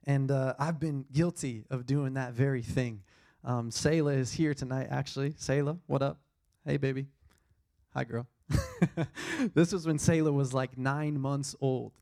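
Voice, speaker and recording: Young male pastor, mid pitch with some fry, conversational sermon delivery, restates key lines. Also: fairly even intonation, normal speed, dark tone. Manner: earnest, conversational preaching with repeated key lines.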